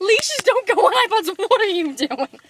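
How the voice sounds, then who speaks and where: A woman's voice: very high voice, very animated, moderate pace, background noise. A young woman goofing around in casual, playful chat, giggling often. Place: inside a car.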